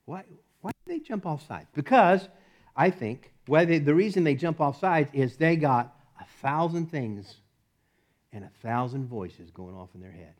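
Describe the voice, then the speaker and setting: Animated preaching man, slightly high voice. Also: measured pace. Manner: animated, conversational preaching with sudden loud peaks and hushed asides. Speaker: pastor. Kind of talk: sermon.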